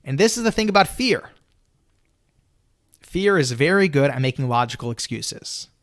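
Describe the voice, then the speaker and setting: A young man with a slightly higher voice tells a story with lots of animation, jumping up into an excited, higher register when he acts out his own lines. The sound is dry and close, with no room echo. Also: normal speed. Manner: peppers speech with "you know". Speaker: storyteller guest.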